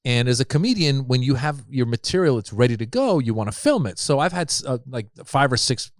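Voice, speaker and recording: A man's voice: medium pitch, fairly quick, no room sound, clean studio sound. A middle-aged man, a comedian guest on a podcast, telling stories in casual chat and acting out the voices of the people he quotes. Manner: animated storyteller, acts out quoted voices.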